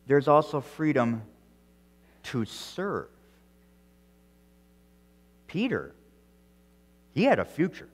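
A male pastor preaching an earnest sermon, repeating words as he goes and swinging between loud emphasis and quiet, soft phrases. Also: a little high, in a large hall. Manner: earnest preaching with frequent restarts and strong swings in loudness.

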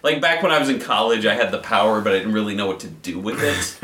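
A man's voice: lowish voice, fast, roomy sound, slight background noise. A man in a band who also does stand-up, telling stories in casual chat, laughing and acting out the people in them. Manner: animated, laughing storyteller doing voices. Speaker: band member and stand-up comic. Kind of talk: casual storytelling.

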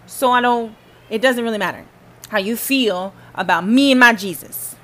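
A woman's voice: a little high, a bit bright. A woman hosting a podcast, talking about faith in a casual, emphatic and preachy way, speaking straight to the listener. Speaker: podcast host.

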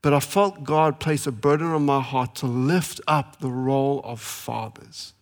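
A man in his thirties preaching a sermon as pastor, earnest and pleading, slowing for emphasis and speeding through family stories. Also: mid-range voice. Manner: earnest, pleading, with slow emphatic pauses and fast anecdotes.

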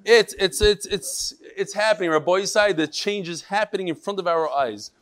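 A middle-aged man teaching a Torah class in lively talk, mixing Yiddish and Hebrew terms into English. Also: high-pitched, normal speed.

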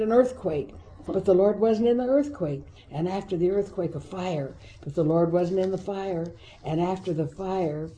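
Very dark-voiced Bible teacher. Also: mid-range voice, slight background noise, rough recording. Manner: reads scripture aloud with emphatic asides.

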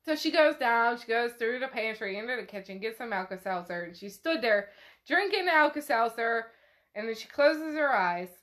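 A little high and fairly bright in tone, this woman's voice has lively intonation and a moderate pace. She's a podcast host doing a casual book recap, chatting and swearing freely while narrating what the characters get up to.

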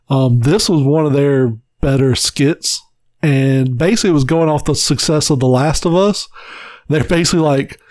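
A man co-hosting a casual podcast, retelling a cartoon episode in an animated way, swearing and laughing often. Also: medium pitch, no room sound. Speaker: podcast co-host. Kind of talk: casual chat.

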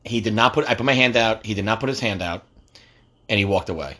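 A man's voice: lowish voice, fast talker, pushed and bright. A middle-aged man co-hosting a podcast, blunt and teasing, swearing freely. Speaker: podcast co-host. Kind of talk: casual chat.

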